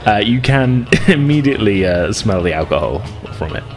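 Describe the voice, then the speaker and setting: A man narrating a tabletop role-playing session as game master, easygoing and chuckling, with filler words throughout. His voice sits a bit low. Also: normal speed, soft background music. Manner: relaxed, chuckling, full of fillers.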